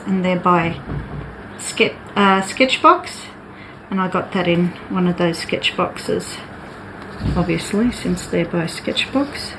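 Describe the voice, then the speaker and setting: A woman's voice: mid-range voice, measured pace, noisy background. A woman artist chatting casually and thinking aloud as she sketches and paints. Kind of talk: casual chat while drawing.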